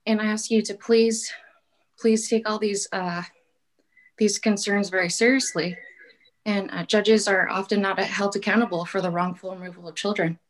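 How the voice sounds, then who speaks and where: A woman's voice: mid-range voice, steady tone, moderate pace, rough recording. A woman giving earnest, pleading public testimony over a call, with frequent ums. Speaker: public commenter. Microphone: call-in audio.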